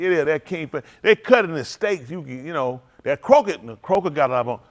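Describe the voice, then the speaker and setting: A man, a pastor telling food stories to his livestream with laughter and excitement. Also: on the high side, brisk. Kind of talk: casual livestream storytelling.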